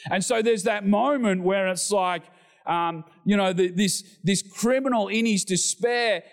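A middle-aged male pastor preaching a sermon, animated, acting out scripture voices and climbing loud at the high points.

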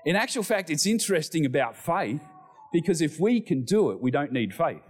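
A middle-aged male pastor preaching a sermon, animated, acting out scripture voices and climbing loud at the high points. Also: a little fast.

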